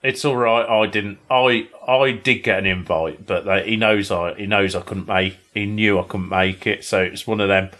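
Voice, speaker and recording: A man's voice: on the low side, steady tone, moderate pace, hardly any pauses, fairly bright tone. A young man co-hosting a podcast, chatting casually and teasing, often ending with tag questions. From Britain. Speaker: podcast co-host. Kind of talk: casual banter.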